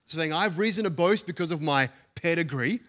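A man's voice: fairly high pitch, expressive, a little fast, a bit bright. Give me an earnest Australian man preaching a sermon. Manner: earnest, building emphasis with repeated phrases, an occasional dry joke. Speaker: pastor. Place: church auditorium with a congregation.

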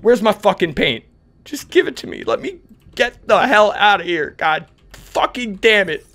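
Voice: medium pitch, expressive, moderate pace, fairly bright tone. Gamer swearing and screaming through horror. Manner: constant swearing, screaming outbursts. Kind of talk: horror let's play commentary.

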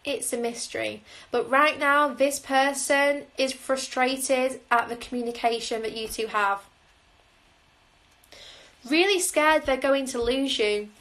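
A woman with a somewhat high voice talks through a tarot spread on a livestream. She sounds musing and intuitive, pausing on "um" as she reads each card. The sound comes through a phone mic. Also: a bit bright, low-quality recording. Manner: musing, intuitive, frequent "um" fillers. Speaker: tarot reader. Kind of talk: live tarot reading.

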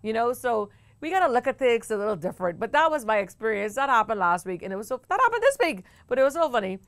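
A woman with a Bahamian accent hosting a talk show, telling a story in a chatty, animated way with bursts of laughter. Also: a little high, fast talker, no echo. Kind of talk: casual storytelling to camera.

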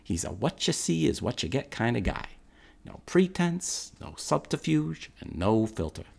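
A man's voice: mid-range voice, big pitch swings, measured pace, vocal fry, a little mellow, full character voice. An actor playing a blunt, streetwise man with a Brooklyn accent, speaking to the audience in a chatty, direct theatrical monologue.

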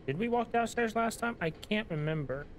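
A man's voice: high voice, animated, normal speed, a little hiss or hum. A man giving casual gameplay commentary, with amused, laughing reactions. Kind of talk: casual let's-play commentary.

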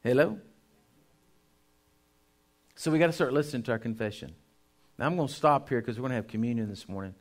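A man, a pastor, preaching a sermon to his congregation. He speaks emphatically, dropping to a hush and then rising loud, and addresses the listeners directly. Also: medium pitch, brisk, pauses often. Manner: emphatic preaching, swinging between hushed and loud.

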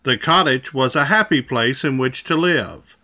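Slow, bright-voiced male storyteller. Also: medium pitch. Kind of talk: children's storybook read-aloud.

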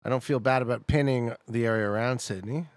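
A man streaming a geography game, chatting casually with his viewers and bursting out excitedly when he gets it right. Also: mid-range voice, fast, dry recording. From Canada. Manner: chatty, talks to chat, excitable outbursts. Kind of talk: casual live-stream commentary.

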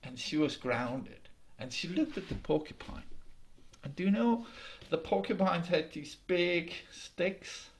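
A man telling a folk tale in a lively, halting way, over a video call. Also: fairly high pitch. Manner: lively, halting with restarts, laughs along. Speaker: storyteller. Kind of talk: oral folk storytelling.

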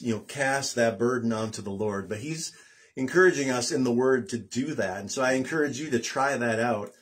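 A man giving a gentle devotional talk, slowly reading scripture verses aloud. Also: medium pitch, slightly rough. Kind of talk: devotional talk then singing.

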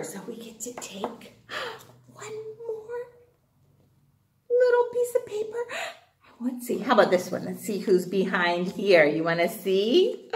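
A woman teaching young children a phonics lesson, animated and sing-song, gasping with wonder and cheering them on. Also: a little high, takes it slowly, heavy reverb, recorded from a distance. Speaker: kindergarten teacher.

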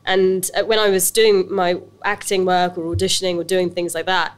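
A lowish-voiced woman from Britain talks at a moderate pace, chatting about her life as a guest in a casual interview. An actress and business owner, she tells it animatedly, stopping and restarting often amid lots of fillers.

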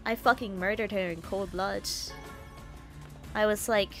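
A woman's voice: medium pitch, steady tone, a little slow, over music. A woman streaming a video game, sniffly with a cold, swearing, laughing and making mock threats at the characters. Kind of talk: live game stream chat.

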